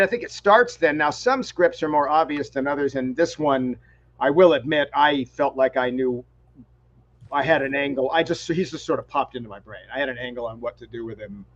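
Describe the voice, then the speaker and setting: A male stage actor speaking thoughtfully and at a measured pace about his craft in an interview. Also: mid-range voice, dry recording, muffled recording. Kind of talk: reflective interview talk.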